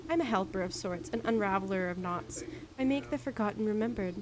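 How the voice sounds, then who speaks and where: A woman voicing a scheming male serpent fortune-teller in a game, speaking in a silky, drawn-out, theatrical way. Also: medium pitch, noisy background, lightly acted. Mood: ominous.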